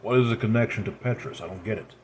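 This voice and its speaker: A man voicing a bitter, worn-out grown man who mutters bluntly and crudely in a tired, low-energy way. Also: quick pace, a little hiss or hum, lightly acted. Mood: bitter weary.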